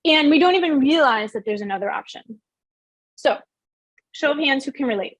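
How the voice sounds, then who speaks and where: A middle-aged woman with a high voice leads a motivational workshop. She speaks in an earnest, emphatic way and puts questions to her audience. The sound is dry and close. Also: lively intonation, normal speed, no echo.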